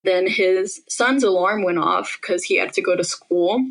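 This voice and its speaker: A woman's voice: fairly low pitch, a little slow, low-quality recording. Young woman telling her story casually. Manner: casual and conversational, with frequent "like". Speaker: podcast interviewee recounting her own experience. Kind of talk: personal storytelling in an interview.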